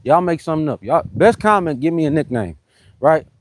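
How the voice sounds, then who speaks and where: Very animated and fairly quick, a man with a fairly high-pitched voice speaks on a dry recording. He's loosely rambling to viewers during a live fitness stream, greeting commenters between sets and saying "you know what I'm saying" again and again.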